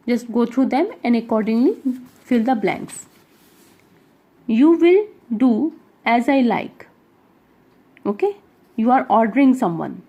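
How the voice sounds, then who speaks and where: Woman, Indian English accent, English teacher, mellow tone, explaining grammar exercises step by step. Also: a little high. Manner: explains step by step, with frequent checking asides. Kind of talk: grammar lesson, reading exercises aloud.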